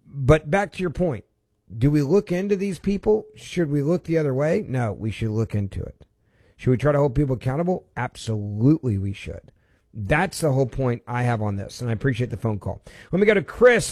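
A man's voice: on the high side, animated, a little fast, a little mellow, dry recording. A man hosting a political call-in radio show, talking emphatically with frequent restarts and repeated words. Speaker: radio talk show host. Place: radio studio. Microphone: studio microphone.

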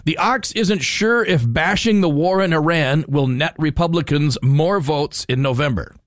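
A man's voice: on the high side, lively intonation, normal speed, hardly any pauses, no room sound. A man hosting a talk radio show in a studio, joking and rambling with loose restarts. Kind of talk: casual talk radio banter. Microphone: studio microphone.

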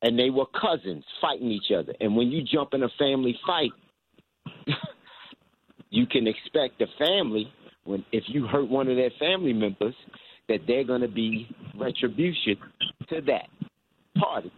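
A man's voice: medium pitch, expressive, moderate pace, long pauses, slightly rough, no echo. A man from Baltimore calling in to a radio show, hesitant and searching for his words. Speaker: caller. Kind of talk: call-in radio talk. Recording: tinny phone line.

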